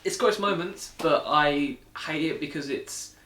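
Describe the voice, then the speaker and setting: A man's voice: on the high side, measured pace, bright, forceful tone. A man hosting a casual chat, hesitant, often trailing off and restarting. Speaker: host. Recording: echoey room, mic off at a distance, faint noise.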